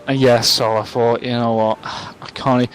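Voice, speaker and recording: A man's voice: mid-range voice, flat delivery, normal speed, faint music behind, low-quality recording. Tipsy, rambling young man. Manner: rambling, self-mocking, swears a lot. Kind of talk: casual storytelling to camera.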